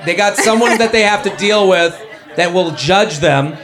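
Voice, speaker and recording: A man hosting a live comedy show, rambling and joking in quick asides. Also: sits high, over music. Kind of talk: live comedy advice banter. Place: live venue with an audience. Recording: lively audience crowd behind.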